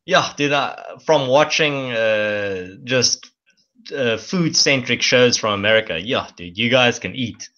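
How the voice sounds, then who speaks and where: A man's voice: medium pitch, a little slow, pushed and bright, lo-fi sound. A South African man whose first language is Afrikaans, chatting casually as a guest. His accent leans toward English South African, and he laughs easily. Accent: South African, softened toward English South African. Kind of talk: casual conversation.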